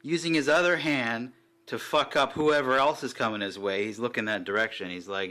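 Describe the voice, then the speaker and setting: A man chatting casually and excitedly while reviewing a collectible figure, swearing now and then. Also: mid-range voice, fairly quick.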